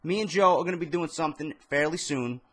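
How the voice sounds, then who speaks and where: A man's voice: a little high, fast talker, fairly bright tone. Young man, New York accent, tired and a few beers in; rambling, profane vlog rant to camera. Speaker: wrestling vlogger. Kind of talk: casual ranting commentary to camera. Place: home, indoors, late night. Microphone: camera mic.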